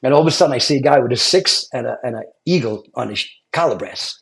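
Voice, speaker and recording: A middle-aged man from Brooklyn with a New York accent, a retired fire lieutenant telling animated stories and acting out quotes. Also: mid-range voice, quick pace, gravelly. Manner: animated storyteller, acts out quotes, laughs often. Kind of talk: casual storytelling chat.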